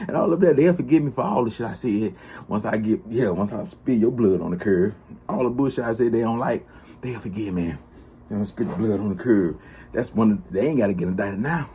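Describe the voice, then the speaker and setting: A man's voice: lowish voice, lively intonation, brisk, dark tone, a little hiss or hum. A man giving casual livestream commentary, trash-talking and laughing often. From Charlotte, US. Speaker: blogger and livestream host.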